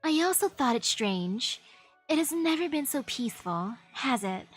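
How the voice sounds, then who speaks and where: High-voiced playful woman streamer. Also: normal speed, slightly rough, soft background music. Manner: playful, animated, switches voices for characters. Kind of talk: reading game dialogue aloud with commentary.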